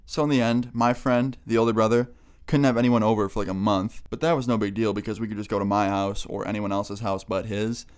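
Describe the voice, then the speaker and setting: A man's voice: on the low side, flat delivery, brisk, clean tone. A young man vlogger telling a funny story in a casual, laughing, swear-filled way.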